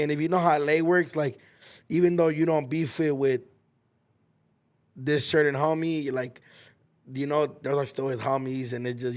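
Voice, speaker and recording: A young man from Los Angeles, hosting a podcast and telling a story in a casual, slangy, profane way, with spoken sound effects. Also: fairly high pitch. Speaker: podcast host.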